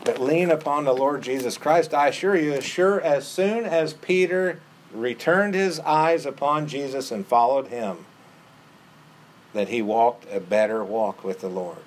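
A man's voice: mid-range voice, unhurried, a little hiss or hum. A man preaching a sermon in an earnest way, repeating phrases for emphasis.

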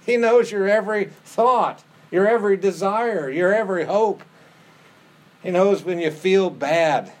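A man's voice: a little high, a little hiss or hum. A man preaching a sermon in an earnest tone, acting out the quoted prayers with rising intensity. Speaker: pastor.

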